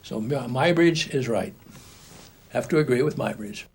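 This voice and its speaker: An older man teaches animation in an old home-video lesson, explaining each step as he draws and often restarting. His mid-range voice is husky and animated, at a moderate pace. Faint background noise runs under the recording.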